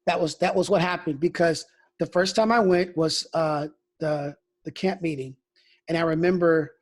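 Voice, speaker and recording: A man who is a pastor, speaking frankly in an interview and telling stories, often restarting his phrases. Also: a little high. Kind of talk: candid conversational interview.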